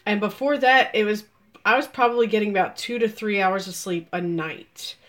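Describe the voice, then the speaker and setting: A woman in her forties telling a story on a live video, animated and laughing, with loud exclamations. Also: medium pitch, normal speed. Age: 40s. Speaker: vlogger.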